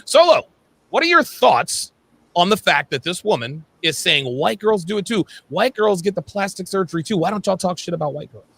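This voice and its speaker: Man, livestream host, high, gravelly, bright, animated. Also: brisk, hardly any pauses. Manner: blunt, emphatic and profane, calling on panelists. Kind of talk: panel discussion on a livestream.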